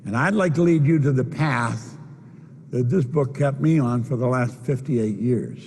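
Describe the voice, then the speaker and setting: A man's voice: medium pitch, measured pace, gravelly, a little mellow, husky. An older man giving a motivational keynote at a convention, speaking emphatically and repeating his key phrases. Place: convention hall stage. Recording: long reverb of a large hall.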